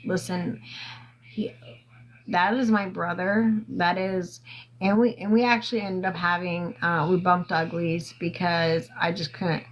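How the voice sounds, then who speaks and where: A woman hosting a casual livestream, telling a long story into her phone in a rambling, halting way with lots of fillers and swearing. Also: fairly low pitch, steady tone, poor audio. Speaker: livestream host.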